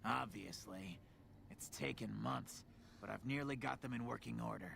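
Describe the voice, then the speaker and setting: An actor voicing a proud, neurotic male ghoul engineer in a video game, with a gravelly voice and a touchy, sardonic manner. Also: moderate pace, very noisy. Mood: earnest. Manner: proud and touchy, swings to shrill outrage.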